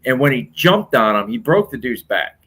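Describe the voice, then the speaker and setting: A man's voice: mid-range voice, big pitch swings, normal speed, background noise. A man on a podcast telling crude stories, swearing heavily in casual chat.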